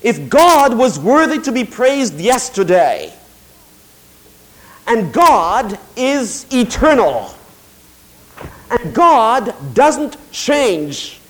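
Man preaching a sermon, high voice, middle-aged, shifts from hushed confession to slow emphatic proclamation. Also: very animated, rough recording. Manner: swings from quiet confiding to slow emphatic declaration. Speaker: pastor.

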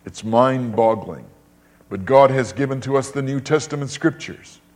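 Older man preaching with dramatic swings. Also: moderate pace. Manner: emphatic, with wide swings in pitch and loudness and repeated phrases. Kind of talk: sermon.

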